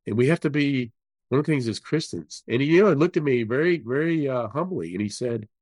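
A man speaking as an interview guest, telling a story earnestly with halting restarts. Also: mid-range voice, expressive, a little mellow, no echo. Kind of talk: casual interview conversation.

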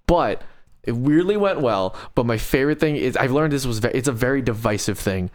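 Young male podcast co-host: casual, animated, swears a lot, mid pitch, studio mic. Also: brisk. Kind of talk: casual chat.

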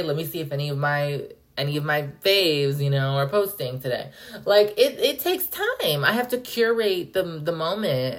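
A young woman hosting a podcast, rambling and cursing in an animated, casual rant. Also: sits low. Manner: profane, animated, rambling with frequent "like". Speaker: podcast host.

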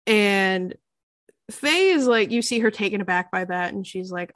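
A woman's voice: mid-range voice, animated, moderate pace, fairly bright tone, no room sound. A woman game master narrating a tabletop game in a casual, filler-heavy way.

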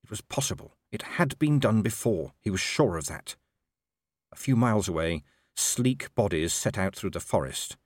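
Low, lively male audiobook narrator. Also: normal speed, no echo. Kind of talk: scripted narration.

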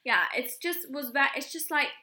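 A young woman, chatting candidly as a podcast co-host. Her voice is bright and tense, and she rambles through her stories in an easy, unguarded way. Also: high voice, expressive, moderate pace. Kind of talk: casual chat.

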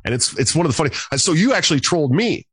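Lively, swearing man hosting a podcast. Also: a little high, rapid-fire, husky, no echo. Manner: animated, swears freely, many restarts. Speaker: podcast host. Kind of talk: casual chat.

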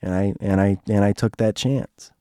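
A man with a hoarse, strained throat telling a personal story in a casual monologue, rambling and restarting, heartfelt with bits of joking. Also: lowish voice, steady tone, normal speed, warm tone, no echo, clean studio sound.

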